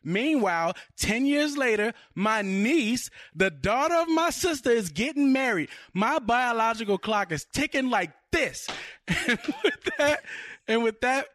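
A man's voice: animated, fairly bright tone, dry recording, full character voice. A man reading the part of an anxious, exasperated woman fiancée in a comedic scene reenactment. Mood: frantic. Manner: high, fast, pleading complaints.

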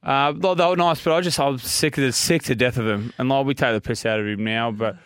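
A man's voice: medium pitch, quick pace, a bit bright, smooth, no room sound, studio quality. A young Australian man chatting casually, rambling and joking with lots of fillers. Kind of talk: casual chat.

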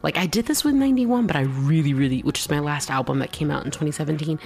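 Woman, podcast host, casual solo chat, bubbly, laughs often, creaky voice. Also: quick pace, faint music behind. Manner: bubbly, chatty, laughs often, high excited spikes.

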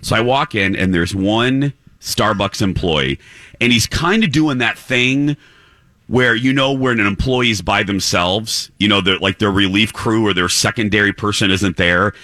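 A man hosting a morning radio show, telling a self-deprecating story with lively, animated delivery. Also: on the low side, unhurried, dry recording. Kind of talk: casual morning radio chat.

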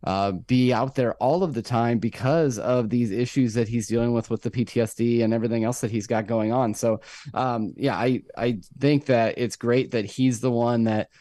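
A man's voice: medium pitch, moderate pace, no room sound. Man musing on a podcast, dry close sound. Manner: thoughtful, rambling, many fillers, rises when excited. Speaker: podcast co-host. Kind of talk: casual chat recapping a TV episode.

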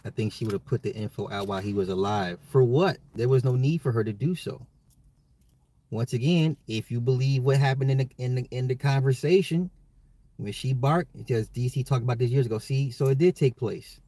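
A man hosts his own commentary podcast, speaking at an ordinary middle pitch. He talks straight to his listeners, pressing his points and often repeating himself to drive them home. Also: a little fast, dark tone, no room sound. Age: adult, a father. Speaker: podcast host. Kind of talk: solo social commentary podcast.

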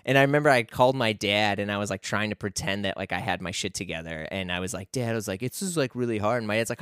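Low-voiced guy rambling thru a story on a podcast, smooth voice, dry sound. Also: lively intonation, very fast, hardly any pauses, a bit bright, no echo. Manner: rambling, lots of filler and restarts. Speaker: podcast guest. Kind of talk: casual storytelling.

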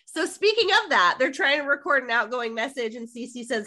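Talking fairly quickly, a middle-aged podcast co-host walks through an episode scene by scene in casual recap chat. Her bright, somewhat high voice animates the story, and she quotes the show's characters as she goes.

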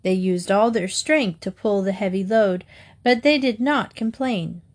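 Slow, measured woman reading fables. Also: mid-range voice. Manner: gentle, measured reading with moral endings. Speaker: storyteller. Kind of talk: scripted storybook narration.

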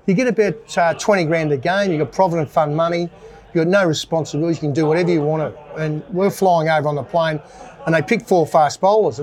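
An older Australian man and former cricketer telling self-mocking stories in a casual interview. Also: fairly high pitch. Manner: anecdotal, self-mocking, laughs at own stories.

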